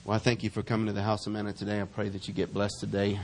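A middle-aged man preaching a sermon as pastor, reading verses slowly and building in intensity, calling on the congregation to answer back. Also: lowish voice, completely flat delivery, slight background noise. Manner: calls for congregation responses.

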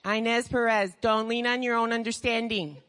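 An impassioned woman preaching with a high, bright, sharp voice, pausing between unhurried phrases. She piles up rhetorical questions and swings from near-whispers to shouts. Her voice rings out with the long reverb of a large hall. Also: steady tone. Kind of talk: sermon.

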